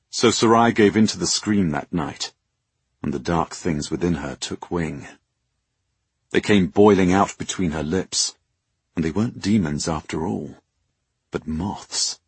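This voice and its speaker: A man narrating a novel with a very low, husky voice. He reads in a measured, dramatic manner. The recording is close and dry. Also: no room sound. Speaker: audiobook narrator. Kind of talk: scripted narration.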